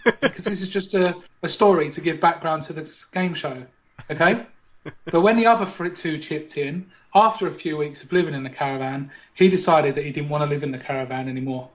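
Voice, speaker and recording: A man's voice: on the high side, a little fast, highs cut off. Playful man hosting a mock quiz. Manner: playful, teasing, mock-commentator patter. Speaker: podcast host. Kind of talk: mock game-show hosting.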